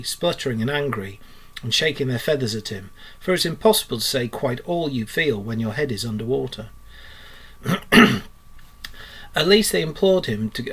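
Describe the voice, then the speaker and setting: Male teacher narrating a children's classic for pupils; steady, clear, mid-range voice. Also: medium pitch. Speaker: primary school teacher. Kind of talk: reading a storybook aloud to children.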